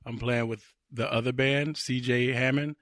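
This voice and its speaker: Relaxed man guest, lots of ums. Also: mid-range voice, normal speed, no echo, studio quality. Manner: relaxed, hesitant with frequent ums. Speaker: guest musician and actor. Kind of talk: casual interview chat.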